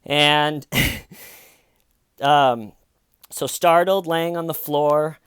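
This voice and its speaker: A man's voice: on the high side, fairly even intonation, very slow, fairly bright tone, smooth, no room sound, studio quality. A man giving wry, rambling comedic commentary on a true-crime call, with sarcastic asides. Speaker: comedian host.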